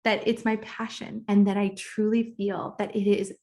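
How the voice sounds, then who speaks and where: A woman's voice: mid-range voice, little pitch movement, moderate pace, mellow. A woman in her thirties, a business coach, tells her personal story in a casual, candid way in a recorded course module, sometimes getting emotional and emphatic. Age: 30s. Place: at home, kitchen nearby.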